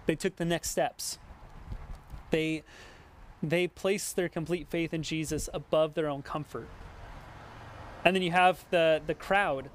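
A man preaching a sermon in an animated way, often stopping and restarting and acting out imagined conversations. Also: on the high side, a little slow, pauses often, a little hiss or hum. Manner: animated, acts out imagined dialogue with many restarts.

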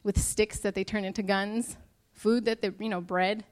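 A woman's voice: medium pitch, steady tone, normal speed, darkish tone. A young woman preaching a sermon to her church, earnest and emotional as she speaks to the congregation.

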